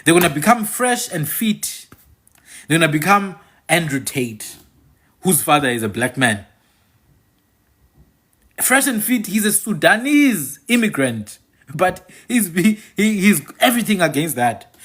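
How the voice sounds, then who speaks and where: South african guy ranting to his viewers, kinda husky voice, repeats stuff to hammer it in. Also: sits high, sing-song, measured pace, pauses often, fairly bright tone. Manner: emphatic, repeats phrases for effect. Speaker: channel host and commentator. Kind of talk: opinionated monologue to viewers.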